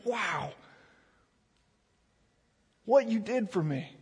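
Earnest pastor, high voice, hall reverb. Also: male voice, lively intonation, very slow, darkish tone, slightly rough. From Virginia mountains. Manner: earnest, repeats words when building emphasis. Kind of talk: sermon.

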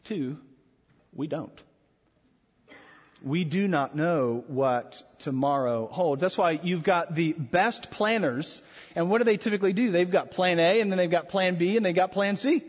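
High-voiced preacher in a reverberant hall. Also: male voice. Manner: animated, rhetorical preaching with dramatic pauses. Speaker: pastor. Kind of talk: sermon.

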